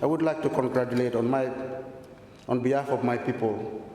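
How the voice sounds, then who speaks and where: A man's voice: fairly even intonation, a little fast, warm tone. A man from the Solomon Islands giving a formal parliamentary speech, repeatedly addressing the Speaker and listing numbered points. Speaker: member of parliament. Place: large parliament chamber. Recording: echoey chamber recording with a faint rumble.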